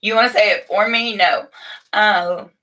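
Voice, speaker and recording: A middle-aged woman hosting a casual morning livestream, chatting warmly and motherly with viewers from a room at home, with frequent restarts. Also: medium pitch, measured pace. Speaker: livestream host. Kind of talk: casual live chat to viewers.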